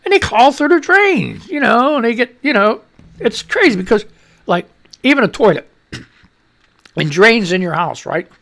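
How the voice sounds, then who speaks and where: Gravelly, animated male radio host. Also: very high voice, normal speed, pauses often. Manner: rambling, joking, reads headlines and posts aloud. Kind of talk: rambling comedic news commentary.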